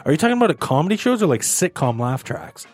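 A man co-hosting a casual podcast chat, animated and quick to imitate laughs. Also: a little high, soft background music.

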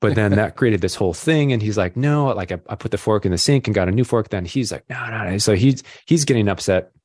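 A man's voice: fairly low pitch, fast talker, darkish tone, no room sound. A young father as a podcast guest, telling stories in a rambling, self-deprecating way with lots of fillers. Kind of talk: casual chat.

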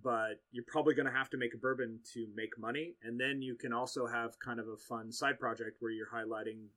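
A man's voice: medium pitch, steady tone, brisk, a bit bright. A man co-hosting a casual podcast chat, sarcastic and teasing, swearing freely. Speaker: podcast co-host.

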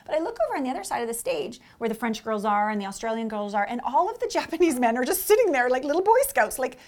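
A middle-aged woman, a guest on a podcast, telling lively stories about dating and acting out what people said. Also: fairly high pitch. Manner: expressive, acts out quotes with big swings in loudness. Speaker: podcast guest, relationship coach. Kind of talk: animated interview storytelling.

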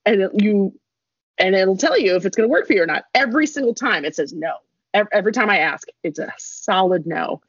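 Chatting animatedly, a young woman spins a long, wandering story packed with asides and short bursts of laughter. Her mid-range voice is husky and a touch breathy, with no room sound, coming across dry and slightly muffled on lo-fi audio.

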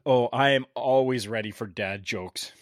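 A man's voice: medium pitch, unhurried, no echo. An upbeat man hosts a casual medical podcast, joking with his guests. His voice sits in the middle range and sounds close and dry, with no room sound. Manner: upbeat, jokey. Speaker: podcast host.

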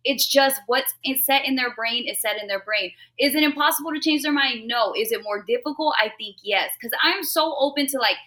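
A woman's voice: high voice, fairly quick, few pauses, sharp tone. A woman co-hosting a podcast, talking earnestly and openly in a casual chat. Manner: earnest and open, thinking aloud. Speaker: podcast co-host.

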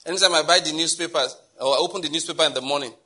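A Nigerian man preaching in a loose, conversational way, circling back on his phrases and chuckling as he goes. His voice sits a little high for a man, with a forceful, bright edge and a husky grain. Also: rapid-fire. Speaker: pastor. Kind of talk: sermon.

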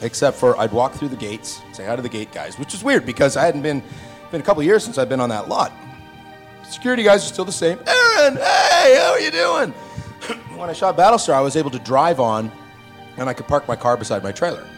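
A man on a convention panel telling long stories, lively and acting out the voices of the people he quotes. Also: mid-range voice, fast, soft background music. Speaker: panel guest actor.

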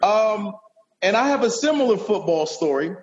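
A man hosting a casual chat, talking in animated slang and often saying bro. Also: high-pitched, normal speed, lo-fi sound.

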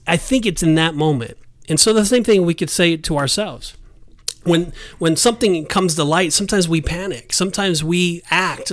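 Animated man on a dry recording. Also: on the high side, no echo. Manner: emphatic, animated, acts out scenes. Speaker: podcast co-host. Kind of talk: casual Bible discussion.

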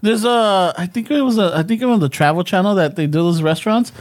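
A man's voice: high-pitched, fast, dry recording. A middle-aged man, co-hosting a casual podcast and telling stories in a rambling, profane way. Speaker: podcast co-host. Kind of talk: casual chat.

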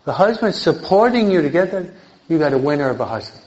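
Emphatic older priest, lo-fi recording. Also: male voice, a little high, very animated, quick pace, a little mellow. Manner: emphatic, keeps checking in with listeners. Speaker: priest teaching an adult catechism class. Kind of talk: lively sermon-style teaching to a live audience. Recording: dull lo-fi recording.

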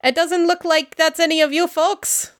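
A woman playing a wary, gruff old aunt and clan elder, grumbling in a lowered voice, with a dry close sound. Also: fairly even intonation, normal speed, dry recording.

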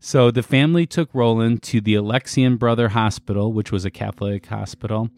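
A man's voice: fairly low pitch, a little fast, darkish tone. A man co-hosting a podcast, casually recounting a story with fillers and laughs. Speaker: podcast co-host.

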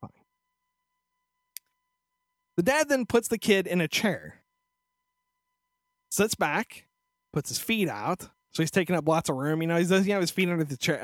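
A man's voice: fairly high pitch, lively intonation, moderate pace, pauses often, no room sound. A male podcast host telling a story in a crude, profane, sarcastic rant into a studio microphone. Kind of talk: casual ranting storytelling.

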